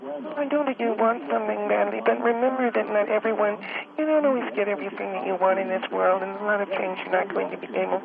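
Fry-heavy older-lady caller, put on by a man: motherly, meandering, on a tinny phone line. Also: sits high, fairly even intonation, crowd noise, voice pushed up. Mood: soothing. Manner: halting, gentle, meandering. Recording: tinny phone line with loud background noise.

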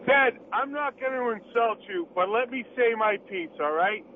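A man with a Boston accent, calling in firmly and refusing to be talked over. His voice is very high. It comes over a narrow phone line with light hiss. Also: animated, moderate pace. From Boston, USA. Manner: firm, insistent. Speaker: caller, firefighter.

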